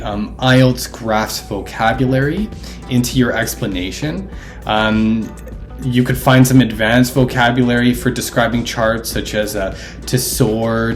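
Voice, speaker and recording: Relaxed and casual, a man who teaches English offers ideas for classroom activities in a mid-range voice, often filling pauses with ums and uhs.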